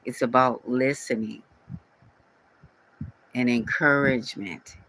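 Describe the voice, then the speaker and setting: Scolding man, bright close voice. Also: mid-range voice, fairly even intonation, takes it slowly, poor audio. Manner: scolding, repetitive, speaks directly to viewer. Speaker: channel owner addressing a commenter. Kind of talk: casual scolding vlog rant.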